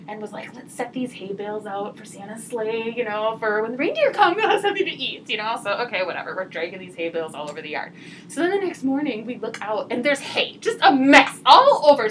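A woman hosting a podcast in casual chat, telling stories with gushing, animated reactions. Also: mid-range voice, a little hiss or hum, poor audio. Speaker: podcast host.

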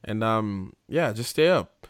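A man's voice: fairly low pitch, animated, slow, clear, resonant tone, no echo, studio quality. A man hosting a casual chat show, signing off with teasing banter. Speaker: host.

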